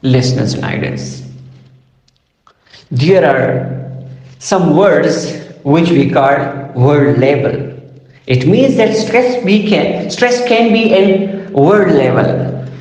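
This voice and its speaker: A man giving a slow lecture on phonology, repeating example words aloud. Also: fairly high pitch, animated, a little mellow. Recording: echoey room with long reverb.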